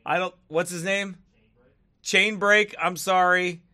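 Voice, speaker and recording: A man's voice: high-pitched, fairly even intonation, slow, pushed and bright, no echo, clean studio sound. A man giving casual commentary to camera, mocking and often laughing between remarks, turning preachy when he gets serious. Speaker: online video commentator.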